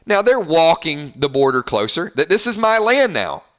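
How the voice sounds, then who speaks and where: A man hosting an online show, giving casual commentary on a TV episode with animated delivery and frequent stammered restarts. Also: fairly high pitch, normal speed. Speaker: YouTube show host.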